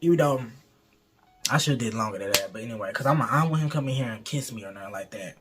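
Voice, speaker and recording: A man's voice: medium pitch, lively intonation, fast, slightly rough. A young man tells a candid, profane, rambling storytime in casual chat. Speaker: vlogger.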